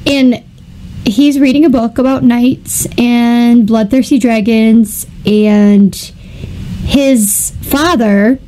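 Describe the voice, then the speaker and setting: Woman co-host, slow and mellow, chatty film retelling with bits of acted dialogue. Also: fairly high pitch, steady tone, a little hiss or hum, rough recording. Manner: chatty retelling, acting out characters' lines. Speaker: podcast co-host. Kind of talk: casual chat recapping a film.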